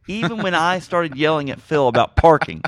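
Bright, rambling male podcast host. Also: a little high, a little fast. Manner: rambling, excitable, apologetic storytelling. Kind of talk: casual podcast chat.

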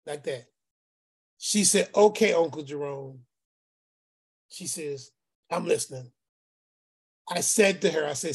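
A man telling a family story in a casual, animated way, often repeating phrases and acting out the people in it, sometimes in a preacherly tone. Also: fairly high pitch, moderate pace, long pauses, breathy edge. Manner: preacherly, speaks of faith.

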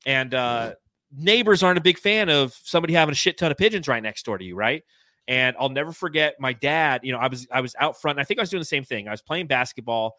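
Here's a quick-talking man from California with a mid-range voice, animatedly recounting stories on the casual sports podcast he co-hosts. He laughs a lot, and the recording is dry.

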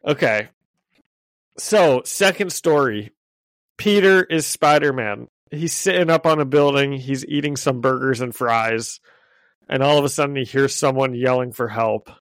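A man of ordinary pitch chats on a podcast, recapping a comic story in a loose, amused way. His voice sits close and dry on the mic, with little room sound. He drops quick paraphrased lines from the characters as he goes. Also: a bit bright, dry recording. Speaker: podcast co-host. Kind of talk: casual chat, retelling a comic.

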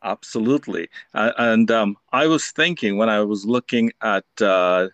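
A man interviewing a guest, asking questions slowly with lots of ums and uhs. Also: on the low side, a bit bright, dry recording. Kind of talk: conversational interview.

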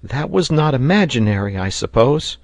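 A man reading aloud, voicing an eager young male castaway with an excited, questioning manner. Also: medium pitch, unhurried, no echo, pitched above the performer's own voice, close to an everyday voice.

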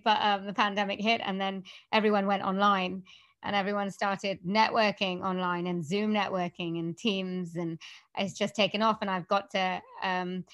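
A woman from Wales with a Welsh accent, a voiceover artist chatting as a guest in an interview, upbeat and quick to laugh, with some hesitant fillers. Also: mid-range voice, a bit bright. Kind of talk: casual interview chat.

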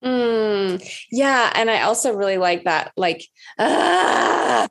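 A woman coach talking openly in a relaxed conversation. She is frank and swears freely, and she acts out the things she once said to herself. Her voice sits at an ordinary middle pitch. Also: a little slow. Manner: candid, swears freely, acts out her own past words. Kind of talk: casual conversation.

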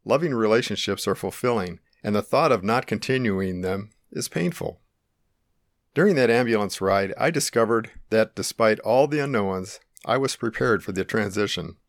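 A middle-aged man calmly and earnestly narrating his own life-or-death experience in the first person. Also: lowish voice, moderate pace, no echo, clean studio sound. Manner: calm, earnest, reflective.

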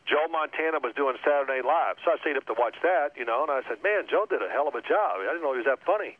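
Male guest, former quarterback, heard over a tinny phone line; lively storyteller who acts out the voices. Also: on the high side, fast. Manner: animated storyteller acting out coaches' shouting. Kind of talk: telling stories in a radio interview.

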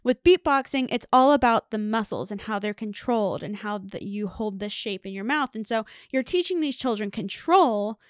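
A woman's voice: medium pitch, lively intonation, moderate pace, few pauses, no echo, studio quality. A young adult woman hosting a podcast in casual chat, talking enthusiastically and filling her speech with "like.". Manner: enthusiastic, heavy use of "like". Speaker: podcast host.

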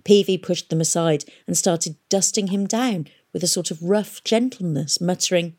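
A woman reading a storybook aloud in a steady, expressive narration. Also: fairly low pitch, moderate pace, hardly any pauses. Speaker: audiobook reader.

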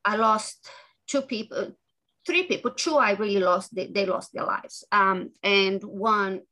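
An earnest author being interviewed speaks in a halting manner, frequently backing up to restart her sentences. Her voice is bright, forceful and medium-pitched, heard through poor audio.

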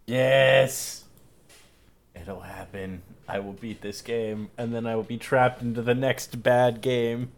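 A man's voice: mid-range voice, flat delivery, a little slow, hardly any pauses. A man co-hosting a podcast in easygoing casual chat, laughing along as he talks. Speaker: podcast co-host.

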